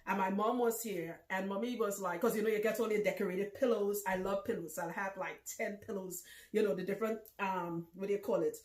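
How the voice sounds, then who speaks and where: A woman in her thirties hosting a casual vlog, talking loudly and bluntly and laughing often. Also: medium pitch. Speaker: vlog host. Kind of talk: casual talk to camera. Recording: echoey room.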